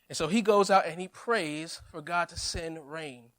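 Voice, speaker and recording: A male pastor preaching a sermon, telling a Bible story with lively humor and acted-out quotes. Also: a little high, unhurried.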